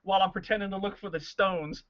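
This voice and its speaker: A man playing a tabletop game, excitable and laughing at his own bad luck. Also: high-pitched, fast talker, lo-fi sound. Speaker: player.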